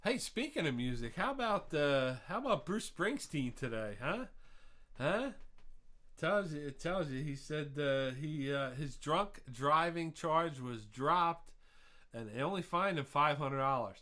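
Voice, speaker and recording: A man's voice: fairly high pitch, expressive, unhurried, sharp tone. A man hosting a live online trivia quiz, chatty and laughing at his own jokes, drifting into rambling rants between answers.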